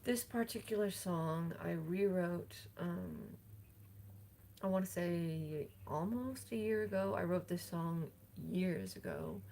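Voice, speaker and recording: A woman livestreaming as a songwriter, rambling casually to herself and often dropping to soft near-whispers. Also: lowish voice, very animated, takes it slowly, a little hiss or hum. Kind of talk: casual thinking-aloud talk.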